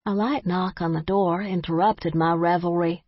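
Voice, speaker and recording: A woman giving a measured, wry first-person narration of an audiobook. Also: lowish voice, steady tone, dry recording, lo-fi sound.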